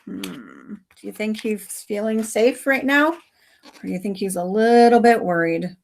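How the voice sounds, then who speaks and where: A woman teacher reading a story aloud and teaching her class in a friendly way, asking questions and dropping into soft asides. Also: medium pitch, a little slow, gravelly.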